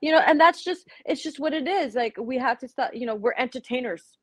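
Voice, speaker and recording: A woman's voice: high-pitched, lively intonation, a little fast, no room sound. Candid woman in her thirties, dry sound. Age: 30s. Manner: candid, talks through her struggles. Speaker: podcast guest, entertainer. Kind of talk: casual conversation.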